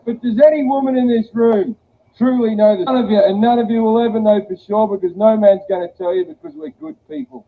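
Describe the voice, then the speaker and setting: A man's voice: very high voice, a little fast, gravelly. A man performing a blunt, profane stand-up comedy set. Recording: tinny phone-like audio with faint hiss.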